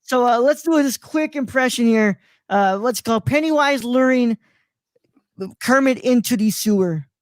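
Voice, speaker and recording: A man's voice: extremely high pitch, normal speed, clean tone, dry recording. A man hosting a live online show, rambling and stalling with lots of restarts, on a close microphone. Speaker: host. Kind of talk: casual live-stream chat.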